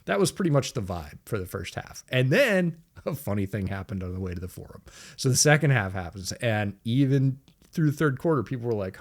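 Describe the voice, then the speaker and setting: A man co-hosting a sports podcast, telling stories in a casual, animated way and laughing often. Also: mid-range voice, fairly quick. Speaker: podcast co-host. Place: home studio.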